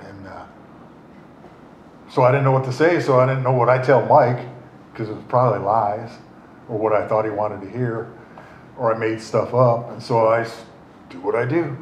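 A middle-aged man telling his recovery story in a rambling, wry way, full of fillers and restarts. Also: mid-range voice. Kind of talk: casual spoken storytelling. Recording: roomy echo, faint noise.

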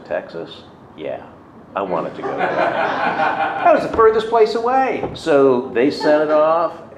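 A middle-aged man in recovery shares his story in a medium-pitched, slightly mellow voice, keeping it conversational and self-deprecating while acting out the people he quotes. The recording is roomy, dull, and lo-fi, with faint noise.

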